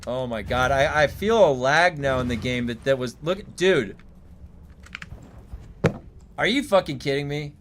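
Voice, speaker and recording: A man streaming a game live, thinking aloud and reacting excitedly, swearing when things break. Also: mid-range voice, measured pace, pauses often, noisy background. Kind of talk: live gameplay streaming commentary.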